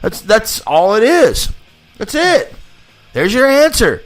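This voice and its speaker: A fired-up man hosting a live show, swearing through a heated rant and hammering his points by repeating them. His voice sits high and swings widely in pitch. He talks casually, with no polish. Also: wildly swooping pitch, takes it slowly, faint music behind. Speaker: podcast host. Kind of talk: casual profane political rant.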